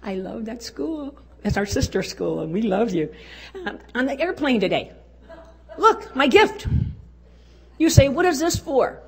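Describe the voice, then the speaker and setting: A woman's voice: a little high, very animated, a little slow, vocal fry, long pauses, slightly rough. A woman speaking to a women's conference, telling folksy stories and chuckling often. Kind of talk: storytelling speech to a live audience.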